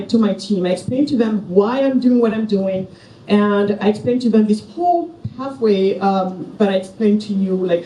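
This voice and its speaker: A woman's voice: mid-range voice, mellow, a little hiss or hum. A middle-aged woman from Senegal giving a passionate, personal keynote speech at a conference. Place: large conference hall. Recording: echoey hall from far off, faint ambience.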